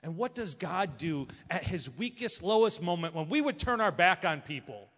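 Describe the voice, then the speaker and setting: A pastor delivers a fervent sermon in a church. His pitch sits a bit high for a man, and long hall reverb trails every phrase. The sound is muffled and lo-fi. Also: sing-song, normal speed. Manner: impassioned preaching that swings between loud and hushed.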